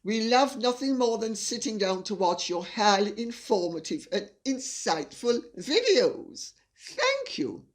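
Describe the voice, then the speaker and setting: A woman's voice: a little high, lively intonation, unhurried, few pauses. Older lady reading out fan mail, keeps cracking up, voice jumps all over. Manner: laughs often while reading aloud. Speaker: host reading viewer messages. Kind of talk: casual chat.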